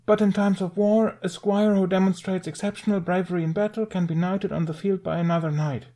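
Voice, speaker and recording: A man's voice: high-pitched, fairly even intonation, brisk, dark tone, pitched above the performer's own voice. A man voicing a bookish young squire explaining rules in a muffled voice. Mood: lecturing.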